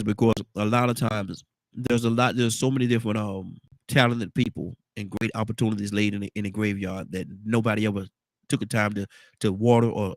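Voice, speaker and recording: A congested man with a baritone voice hosting a casual morning talk show, rambling and repeating his words. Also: no echo. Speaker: radio show host.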